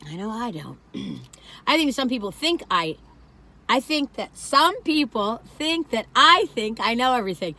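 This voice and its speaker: Woman vlogger, from the northern US, fairly high and very lively voice, emphatic and rambling. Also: a little slow. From northern United States. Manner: emphatic, chatty, rambling with laughs. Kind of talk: casual food review chat.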